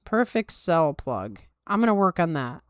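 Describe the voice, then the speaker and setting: A woman's voice: fairly low pitch, big pitch swings, measured pace, clear, resonant tone, no echo, studio quality. A tired woman hosting a podcast, chatting casually and wryly with her viewers. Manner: wry, self-deprecating chatter. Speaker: podcast host. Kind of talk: casual chat with live chat.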